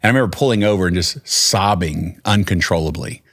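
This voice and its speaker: Texan guy on a podcast, real low voice, rambles and acts out what people said. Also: fairly quick, fairly bright tone. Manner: rambling, with many restarts and quoted dialogue. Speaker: podcast guest, singer-songwriter. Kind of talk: casual storytelling.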